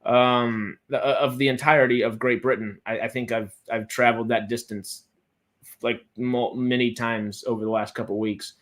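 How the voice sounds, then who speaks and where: A man's voice: medium pitch, fairly even intonation, moderate pace, a bit bright. A man from Texas hosting a casual livestream chat, rambling with frequent restarts and fillers. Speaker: host.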